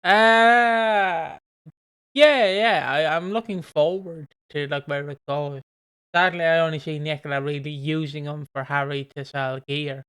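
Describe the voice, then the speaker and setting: A man's voice: a little high, steady tone, normal speed, a bit bright, smooth, no echo. A man co-hosting a casual podcast chat, rambling with fillers and easy laughs. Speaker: podcast co-host.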